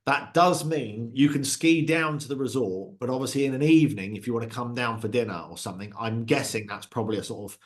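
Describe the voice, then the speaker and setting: A man chatting on a ski podcast, with a voice of ordinary pitch. He rambles through travel stories and acts out the people in them. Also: brisk, few pauses. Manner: chatty anecdotes with acted-out quotes. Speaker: podcast co-host. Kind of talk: casual chat, storytelling.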